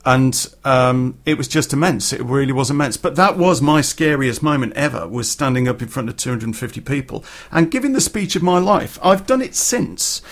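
A man's voice: medium pitch, expressive, normal speed, hardly any pauses. A middle-aged man telling a personal story for a podcast in a blunt, earthy way, with swearing and plenty of fillers. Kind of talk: casual spoken storytelling.

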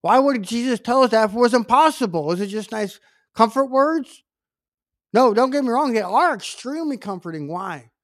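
A man's voice: very high-pitched, lively intonation, moderate pace, no echo, clean studio sound. A man preaching a sermon in an emphatic, conversational way, full of asides and repeated phrases.

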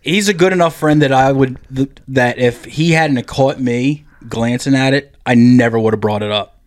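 A man co-hosting a podcast tells a crude anecdote at mid pitch. He rambles, swears freely and fills his talk with "like". The sound is dry and close. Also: moderate pace, no room sound. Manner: rambling, profane, lots of "like". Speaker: podcast co-host. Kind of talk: crude casual storytelling.

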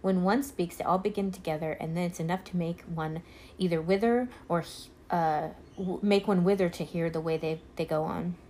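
A woman reading a children's storybook aloud, unhurried, now and then stumbling and restarting a word. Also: on the low side, fairly even intonation, mellow, a little hiss or hum, rough recording. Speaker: reader.

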